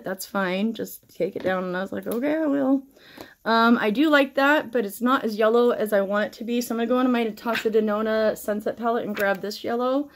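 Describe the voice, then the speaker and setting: A woman's voice: medium pitch, a little hiss or hum. Middle-aged woman, makeup tutorial chat, rambling, frequent swearing, shaken, stressed. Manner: rambling, swears freely, frazzled. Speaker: makeup vlogger.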